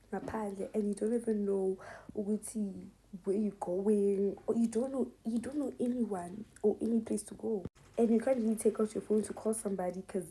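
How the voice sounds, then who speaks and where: A young woman with a South African accent telling a casual storytime, animated, and switching between English and local languages as she talks. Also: mid-range voice, rough recording. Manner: animated, mixing English with Zulu and Sotho phrases.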